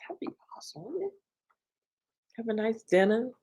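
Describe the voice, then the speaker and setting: A woman hosting a casual live stream, chatting with her viewers in a lively, talkative way and laughing often. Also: on the high side, normal speed, husky. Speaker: livestream host.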